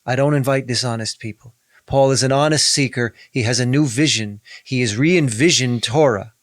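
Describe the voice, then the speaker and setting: A man's voice: mid-range voice, normal speed, no echo, clean studio sound. A man, a rabbi, in a podcast discussion, speaking emphatically, repeating key phrases and reading scripture aloud.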